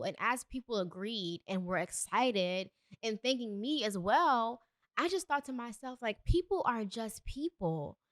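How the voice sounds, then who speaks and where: On her solo motivational podcast, a young adult host talks earnestly, slightly preachy, breaking into emphatic bursts. Her voice is on the high side and a bit bright, with studio-quality sound and no echo.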